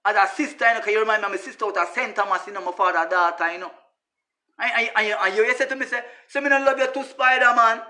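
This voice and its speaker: A man's voice: sits high, fast, sharp tone. A man with a Jamaican accent speaking in patois, ranting emphatically in a casual monologue and repeatedly calling his listeners brother. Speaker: social media personality.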